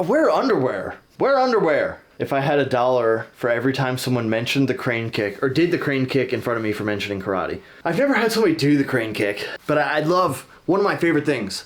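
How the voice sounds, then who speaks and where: A young man hosting a casual reaction show, jokey and animated, breaking into shouted bits. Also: a little high. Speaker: host reacting to online stories.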